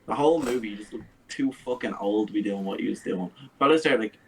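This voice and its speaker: A man co-hosting a podcast, talking about films in an animated, sweary, sarcastic way. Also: lowish voice, fast talker, slight background noise, low-quality recording. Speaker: podcast co-host. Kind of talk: casual film review chat.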